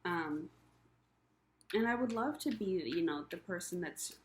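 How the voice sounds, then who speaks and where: A young woman with a low, dark-toned voice talks through her frustrations in a personal vlog. She rambles and circles back, leaning on ums and you-knows, and sounds emotional and worn down. A faint hiss of noise sits under her voice. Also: lively intonation, measured pace. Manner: rambling, confessional, many fillers. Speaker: vlogger. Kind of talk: personal rant to camera.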